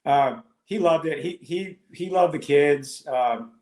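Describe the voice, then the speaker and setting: A man's voice: a little high, takes it slowly, darkish tone. A man in his fifties, a former ballplayer, telling rambling, anecdotal stories as a podcast guest. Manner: rambling, anecdotal, with many restarts. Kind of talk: casual storytelling chat. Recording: echoey room.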